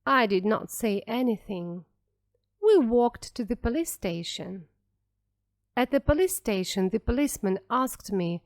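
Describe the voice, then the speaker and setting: A woman reading a short story aloud slowly and clearly for beginner English learners, careful and expressive. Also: a little high, no room sound, clean studio sound.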